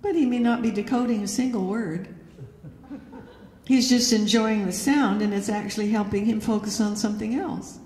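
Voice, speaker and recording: A woman's voice: medium pitch, moderate pace, a little mellow. A woman giving an educational talk to an audience, telling anecdotes and acting out the quoted dialogue. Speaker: lecturer. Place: church hall. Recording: echoey hall with long reverb.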